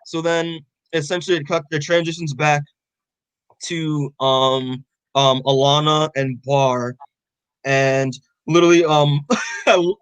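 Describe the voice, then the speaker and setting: A man's voice: on the high side, steady tone, takes it slowly, clear, resonant tone, no room sound, poor audio. A young man co-hosting a podcast, casually recapping a comic in a rambling way full of fillers and swearing. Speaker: podcast co-host.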